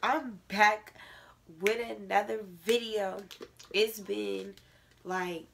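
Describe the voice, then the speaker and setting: A woman's voice: mid-range voice, fairly even intonation, takes it slowly, vocal fry, fairly bright tone, soft background music. A teenage girl vlogging a casual advice rant to camera, with a stuffy, congested nose, filling every phrase with "like". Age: teens.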